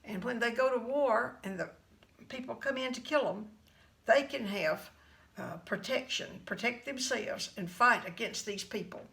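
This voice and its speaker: A woman's voice: fairly high pitch, a little slow, vocal fry, a bit bright, rough recording. Woman doing a commanding king. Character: commanding adult male king of a palace.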